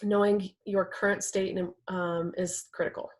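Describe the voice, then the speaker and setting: A young adult woman leads a class on communication, speaking in a relaxed, chatty way. She peppers her points with "right?" and "like". Her voice sits at an everyday middle pitch. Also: normal speed. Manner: conversational, uses "right?" and "like" often. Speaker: workshop instructor. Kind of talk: teaching a class.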